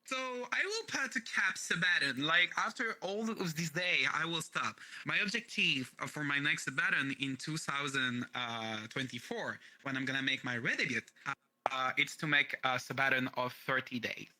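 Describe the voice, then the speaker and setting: A man's voice: medium pitch, normal speed, sharp tone, low-quality recording. A man with a French accent, a guest chatting casually in an interview, playful and loose, swearing casually. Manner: playful, shifts his voice freely, swears casually. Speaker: guest streamer.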